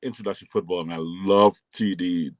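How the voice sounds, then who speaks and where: Low-voiced man chiming in. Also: fairly even intonation, a little fast, darkish tone, dry recording. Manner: brief agreeing replies. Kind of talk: casual chat.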